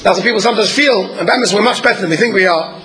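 A man, apparently a rabbi, giving an earnest sermon at a measured pace, pausing often and sometimes clearing his throat. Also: high-pitched, low-quality recording.

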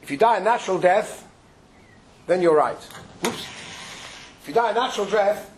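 A man's voice: high voice, animated, measured pace, long pauses, slight background noise, rough recording. A man giving an informal Torah lecture, talking in a conversational way, mixing Yiddish and Hebrew terms into his English and acting out the voices in the stories he retells. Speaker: rabbi giving a Torah talk.

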